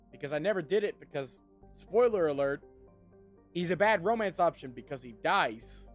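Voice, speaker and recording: Male streamer, fairly high voice with lots of pitch movement, wry casual commentary over faint game music. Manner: chatty, wry, swears casually.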